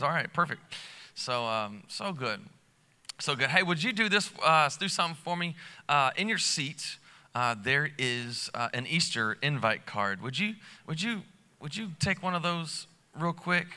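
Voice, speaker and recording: A man's voice: a little high, sharp tone. A man preaching a live church sermon as lead pastor, talking casually and with energy, full of fillers and restarts, in a large church auditorium. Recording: long hall reverb.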